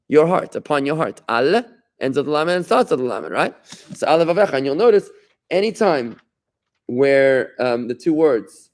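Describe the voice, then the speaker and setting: A middle-aged man, a rabbi, teaching an informal Talmud lesson, explaining patiently, repeating phrases and turning to his students with chatty asides. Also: medium pitch.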